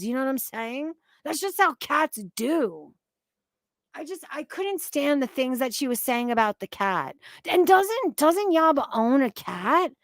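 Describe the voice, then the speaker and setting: A woman's voice: sits high, very animated, unhurried, dry recording, clean studio sound. A woman hosting a casual livestream, talking in an emphatic, profane, rambling way about online drama. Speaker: livestream commentary host.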